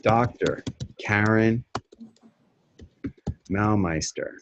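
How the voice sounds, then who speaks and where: A man coaching someone through a pitch in a live webinar, brisk and demonstrative in a salesy way. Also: muffled recording, noisy background.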